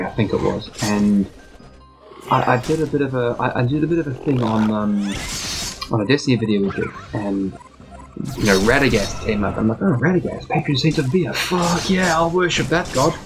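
A man from the United Kingdom co-hosting a podcast, chatting casually in a rambling, joking way and swearing freely. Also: medium pitch. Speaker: podcast co-host.

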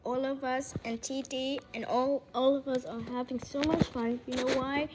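A woman's voice: sits high, steady tone, normal speed, darkish tone, faint music behind, lightly acted. A woman voicing a silly, childish talking axolotl that giggles and repeats words over and over in a playful comedy skit. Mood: giddy.

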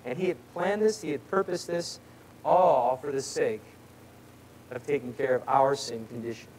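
A man preaching a sermon in a church, talking conversationally and rising louder when he reads scripture. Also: medium pitch, moderate pace, slight background noise, rough recording. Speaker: pastor. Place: church sanctuary.

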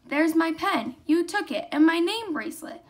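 Sour suspicious young girl for a storybook, read by a young woman, high-pitched. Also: lively intonation, moderate pace.

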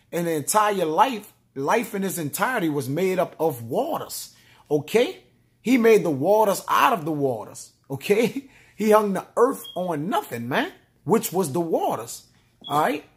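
Man preaching, tagging lines with "man". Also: sits high. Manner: tags nearly every line with "man" and "all right?"; reads scripture aloud slowly. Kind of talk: scripture teaching sermon.

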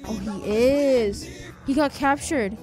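A woman hosting a reaction video, excitable and quick to gasp and shout in surprise, with the soundtrack of the video she watches playing behind her. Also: a little high, over music.

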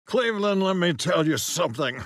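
Oddball cartoon mayor, high and bright, slow and lilting. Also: male voice, animated, slight background noise. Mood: smug.

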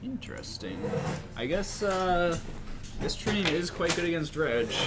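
A man's voice: sits high, expressive, takes it slowly, very noisy. A man from Brooklyn co-commentating a card game stream, giving dry, wry replies. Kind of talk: casual chat between matches.

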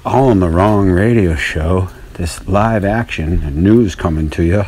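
A man's voice: low voice, unhurried, background noise. A man hosting his own radio show, telling a story in a rambling, profane, self-mocking monologue.

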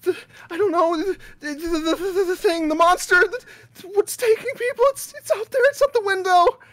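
A man's voice: high-pitched, expressive, rapid-fire, dry recording, voice pushed up. A man voicing a terrified townswoman crying out about a monster. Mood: panicked. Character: panicked townswoman crying out in terror.

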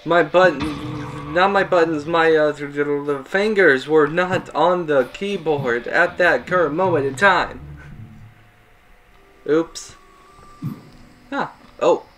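A man's voice: fairly high pitch, takes it slowly, long pauses, fairly bright tone, a little hiss or hum. A man giving casual, rambling gameplay commentary, self-mocking and chuckling at his mistakes. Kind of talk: casual let's-play commentary.

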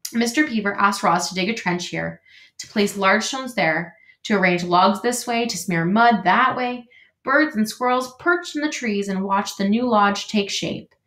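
Teacher lady reading a kids book out loud, steady and clear, mid pitch, roomy echo. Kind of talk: reading a storybook aloud to a class. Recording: echoey room.

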